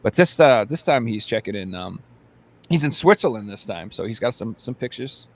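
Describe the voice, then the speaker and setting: A man's voice: fairly low pitch, animated, moderate pace. A man hosting a podcast in casual chat, rambling and joking with lots of fillers and restarts. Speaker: podcast host.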